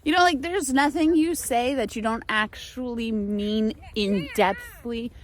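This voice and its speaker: American woman, young adult, casual vlog chat, animated, exasperated asides, fairly high pitch. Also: a little slow, a little hiss or hum. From United States. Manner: chatty, exasperated, animated quoting. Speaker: vlogger. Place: small apartment at home.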